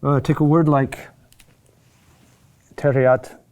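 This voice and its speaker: A man teaching a lesson at a board, speaking in halting phrases with many pauses and restarts, and often checking in with a questioning "huh?". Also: mid-range voice, flat delivery, a little mellow. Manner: halting and repetitive, with frequent "huh?" check-ins; patient, explanatory pacing with many pauses and restarts. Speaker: chant teacher. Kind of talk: classroom lecture at a board.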